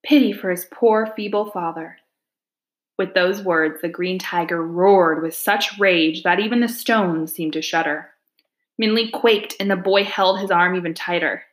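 A woman reading a children's folk-tale novel aloud, calm and measured with hushed suspense. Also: on the low side. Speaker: audiobook narrator. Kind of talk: storybook narration.

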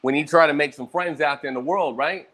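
A young man with a fairly high voice talks briskly and casually about his day, swearing freely and hopping from one story to the next. He seems a little hungover, and his storytelling is animated and rambling.

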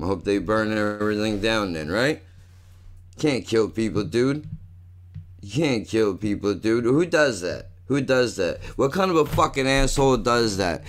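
A man's voice: lowish voice, a bit bright. A man ranting casually and rambling, swearing a lot and saying "dude" all the time. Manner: profane, rambling, says "dude" constantly.

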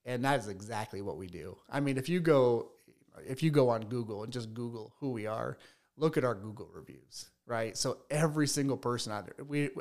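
A man who runs a beekeeping business, chatting in a casual podcast interview and telling stories with many restarts and repeated words. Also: mid-range voice. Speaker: beekeeper and bee business owner.

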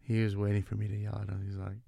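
Animated gravelly-voiced man telling classroom stories. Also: fairly low pitch, rapid-fire, no echo. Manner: animated, acts out quoted voices, says "man" and "like" often. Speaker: vice principal and former coach, podcast guest. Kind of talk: casual storytelling conversation.

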